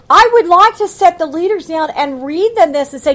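A woman's voice: extremely high pitch, lively intonation, normal speed, few pauses, fairly bright tone. A woman teaching a Bible study, reading scripture aloud and adding emphatic, folksy commentary.

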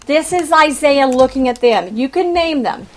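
A woman teaching through a Bible passage, animated and emphatic, with rhetorical questions, conversational asides and sudden rises and drops in loudness. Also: sits high, normal speed, rough recording.

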